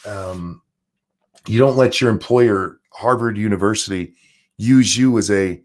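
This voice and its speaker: A man's voice: measured pace, a little mellow. A man hosting a live stream, ranting and mocking in casual, profane commentary. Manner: profane, mocking rant with sudden pitch jumps. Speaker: streamer and show host.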